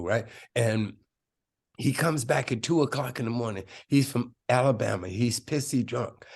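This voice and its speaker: A man's voice: mid-range voice, darkish tone. A man of about seventy, a film director telling a personal story as an interview guest, emphatic and streetwise, often checking in with "right?". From South Side of Chicago. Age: around 70.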